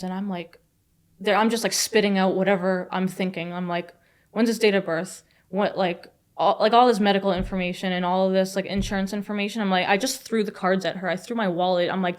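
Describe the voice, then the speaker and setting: A young adult woman telling a personal story in casual, rambling speech, full of "like" fillers and swearing. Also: medium pitch. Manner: fast, filler-heavy retelling with frequent "like" and swearing. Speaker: guest.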